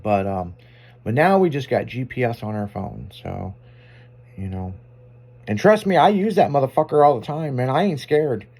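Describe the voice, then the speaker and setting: A man hosting a radio afternoon show, chatting casually with loose, profane talk and quick laughs. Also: medium pitch, very animated, darkish tone. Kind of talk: casual chat.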